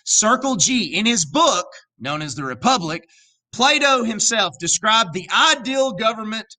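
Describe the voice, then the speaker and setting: A teacher records a lesson for his students in a lively, joking way. His voice is bright and fairly high for a man. He talks straight to the class and drifts into a strange put-on accent. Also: a little slow. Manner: animated and jokey, with asides to students; drops into an odd accent for a while. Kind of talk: recorded video lecture.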